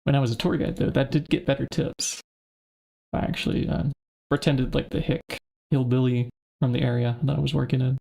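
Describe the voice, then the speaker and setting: Gravelly man thinking aloud while gaming. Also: mid-range voice, little pitch movement, fairly quick, a little mellow. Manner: thinks aloud, muttering to himself while searching. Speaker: streamer playing a modded game. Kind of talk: casual gameplay commentary.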